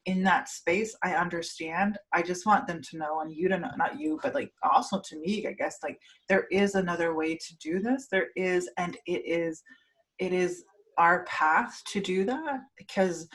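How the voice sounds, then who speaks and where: Earnest woman podcast host, slightly low voice, emotional and repetitive delivery. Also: normal speed, a bit bright, low-quality recording. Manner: earnest, emotional, repeats phrases. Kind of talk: casual conversation.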